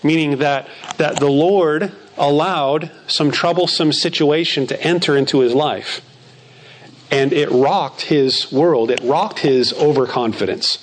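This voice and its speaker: A man delivers a sermon in an earnest way, his voice sitting a little high for a man. He reads verses aloud and repeats key phrases to drive them home. A faint background hum is heard under the recording. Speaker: preacher.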